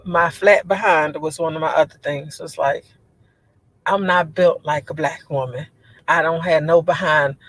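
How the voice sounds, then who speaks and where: With fairly even intonation, a woman chats through viewer comments on a casual livestream in a low voice she says resembles a man's. She's rambling, quick to laugh, and full of fillers. The rough recording has no room sound.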